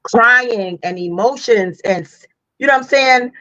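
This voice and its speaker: Brief: mid-pitched woman, frank chatty podcast talk, dry muffled sound. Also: unhurried, bright, forceful tone, dry recording. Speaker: podcast co-host. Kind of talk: casual podcast chat.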